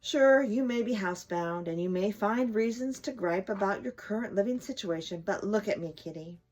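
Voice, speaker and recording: A woman's voice: medium pitch, normal speed, darkish tone, soft background music, lightly acted. Woman reading as a preachy talkative squirrel. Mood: lecturing. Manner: lecturing, earnest. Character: chatty preachy male squirrel outside a window.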